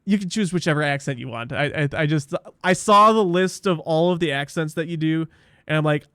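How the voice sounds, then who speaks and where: A man hosts a casual podcast. He rambles and breaks off mid-sentence before narrating a script. His voice sits a little high and sounds dry and close. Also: a little fast, pushed and bright, clean tone, no room sound. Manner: rambling, self-interrupting, laughs easily. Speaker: podcast host.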